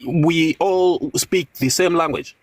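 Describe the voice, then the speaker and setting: A man's voice: on the high side, slow, no room sound. A man from Zimbabwe arguing in a heated debate, repeating words and talking over the others.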